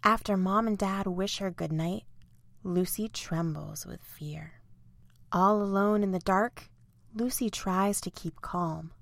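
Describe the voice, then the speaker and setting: A woman narrating a children's bedtime story in a clear, expressive way. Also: mid-range voice, slow, no echo.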